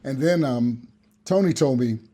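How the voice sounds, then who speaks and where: A man telling a comic story on a radio show, animated and acting out the other people in it. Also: medium pitch, a little slow. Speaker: regular guest.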